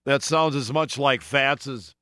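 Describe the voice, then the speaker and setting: A man's voice: medium pitch, unhurried, background noise. A man hosting a car-culture radio show, introducing songs in a chatty, folksy way with casual asides.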